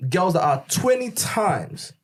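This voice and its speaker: A man's voice: high voice, big pitch swings, slow pace. A young man, talking emphatically in casual chat and checking that his listener follows.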